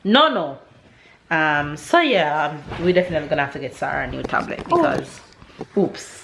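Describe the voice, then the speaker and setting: Her low voice swings widely in pitch and sounds gravelly as this Jamaican woman in her thirties vlogs to camera at home, fairly quick and a little scattered. She uses Jamaican English grammar while chatting about family life, with background noise present.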